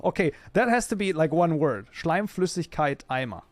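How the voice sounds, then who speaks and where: A man's voice: a little high, big pitch swings, moderate pace, no room sound, faint music behind. A young man with a German accent, hosting a livestream in a loose, casual chat that is full of swearing and laughter. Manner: talkative, swears freely, laughs often. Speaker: livestream host.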